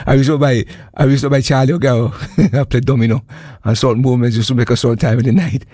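A man with a Montserratian accent hosting a radio show, chatting and reminiscing casually, animated, with whoops and laughs. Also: a little high, normal speed, dry recording, clean studio sound. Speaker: radio host. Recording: loud music playing under the voice. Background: loud reggae and calypso music.

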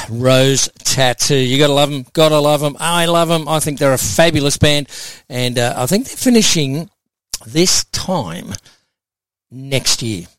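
A man's voice: medium pitch, unhurried, fairly bright tone, clean tone, dry recording. A man with an Australian accent, hosting a casual late-night radio show and chatting between requests in a laid-back way. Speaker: radio host playing listener requests.

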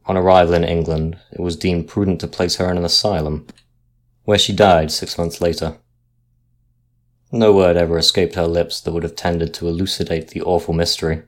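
A man reading a sea ghost story aloud in a measured, dramatic narration style. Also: sits low, flat delivery.

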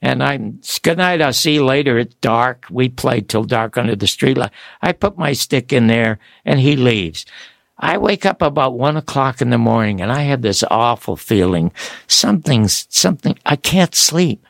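Older guy on radio, gravelly voice, dry close sound, animated storyteller. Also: medium pitch, normal speed, dry recording. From Toronto, Canada. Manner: lively, animated storyteller with restarts. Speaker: guest storyteller.

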